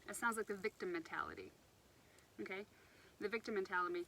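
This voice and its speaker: A woman's voice: fairly low pitch, quick pace, sharp tone, slight background noise, poor audio. A woman giving an unscripted motivational talk outdoors by the water, rambling a little and restarting her sentences as she goes. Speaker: self-help speaker.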